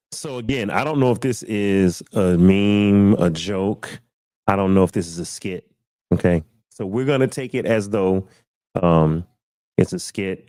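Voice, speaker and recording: A man's voice: low voice, darkish tone, dry recording. A man hosting a casual live stream discussion, loosely posing questions to his panel.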